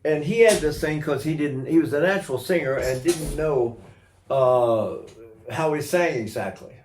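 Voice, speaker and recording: A man's voice: on the high side, normal speed, darkish tone, echoey room, slight background noise. An older man teaching singing technique in a rambling way, breaking into sung vowels and imitated voices to demonstrate. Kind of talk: recorded voice lesson.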